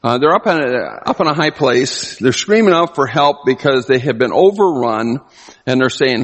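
A man preaching a sermon, animated, often acting out the people he quotes. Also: medium pitch, moderate pace. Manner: animated, acts out quoted voices. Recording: long hall reverb.

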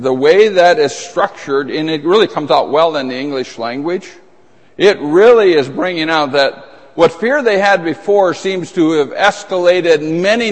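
A man preaching a sermon in a conversational, emphatic way, with asides and restarts. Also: fairly high pitch. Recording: long reverb of a large hall.

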